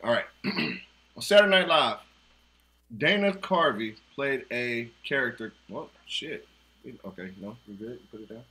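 Bright, lively man hosting trivia. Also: mid-range voice, unhurried. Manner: laughs often, teasing and playful. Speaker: trivia host. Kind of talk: casual online game hosting. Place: home, video call. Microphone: video call mic.

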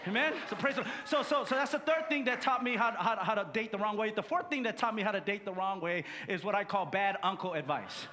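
A male pastor delivers an animated sermon, telling stories and drawing call-and-response from the congregation. His voice sits high and sounds bright and forceful. It rings through a church sanctuary with a long reverb tail. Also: quick pace, few pauses, slight background noise. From Samoa. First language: Samoan.

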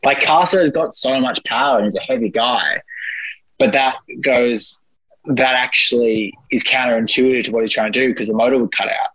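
A man's voice: mid-range voice, normal speed, a bit bright, dry recording, low-quality recording. A man chatting on a podcast, hesitant, with lots of restarts and hedging. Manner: hesitant, restarts and hedges a lot. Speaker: podcast co-host. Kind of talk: casual podcast chat.

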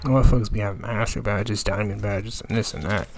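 A man's voice: lowish voice, steady tone, fairly quick, a crowd in the background. A young man giving profane, exasperated commentary over his gameplay, ranting about his teammates. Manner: exasperated, ranting, heavy swearing. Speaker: gaming channel commentator.

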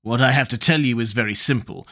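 A man's voice: mid-range voice, fast talker, pushed and bright. A man voicing a blunt, plain-spoken adult Canadian harpooner in an audiobook.

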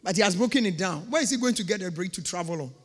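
A woman's voice: mid-range voice, lively intonation, very fast, breathy edge. Woman preaching in an echoing church. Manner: emphatic preaching with repeated phrases. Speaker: pastor. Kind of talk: sermon. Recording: long reverb of a church hall.

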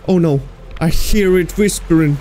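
High-voiced man talking through a horror game. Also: normal speed, mellow, soft background music. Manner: talks to the game's creatures, jokey and easily startled. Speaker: gaming streamer. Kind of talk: let's play commentary.

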